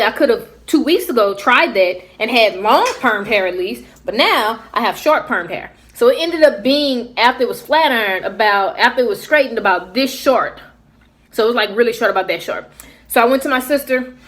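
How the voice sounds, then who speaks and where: A young adult woman vlogger telling a casual story, animated and acting out what other people said. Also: fairly high pitch.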